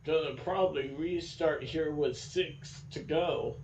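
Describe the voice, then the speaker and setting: A man calling a sim racing event as play-by-play commentator, getting excited at restarts. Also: on the high side, unhurried, background noise. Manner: calls the race, gets excited at restarts.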